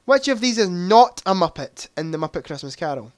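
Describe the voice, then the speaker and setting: Smooth-voiced guy hosting a livestream. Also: high-pitched, very animated, brisk, dry recording, studio quality. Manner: chatty, reads quiz options aloud, joking asides. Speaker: livestream host. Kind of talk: casual livestream quiz chat.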